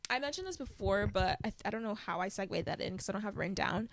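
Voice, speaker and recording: A young adult woman co-hosting a podcast, chatting casually and telling animated stories with frequent laughter. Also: mid-range voice, very fast, vocal fry, no room sound. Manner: animated storytelling, laughing often. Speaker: podcast co-host. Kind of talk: casual chat.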